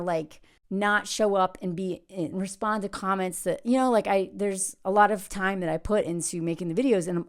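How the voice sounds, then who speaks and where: Rambling, candid woman vlogging. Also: medium pitch. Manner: rambling, self-interrupting, frequent fillers; reflective and candid. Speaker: content creator. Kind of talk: casual personal vlog monologue.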